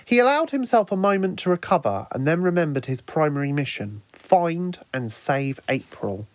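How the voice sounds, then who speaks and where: A man narrating his own fan story in a lively storytelling manner. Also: on the high side, moderate pace, few pauses, dry recording. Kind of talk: fan audiobook reading.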